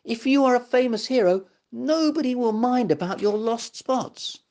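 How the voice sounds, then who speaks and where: A man voicing a small, eager male toy puppy in a storybook reading, pleading and excited. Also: extremely high pitch, normal speed, voice pushed up.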